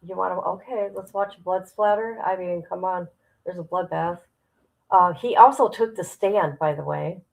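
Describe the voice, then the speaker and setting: A woman's voice: fairly low pitch, normal speed, gravelly, low-quality recording. A woman streamer giving blunt live commentary on court footage, talking straight to her viewers.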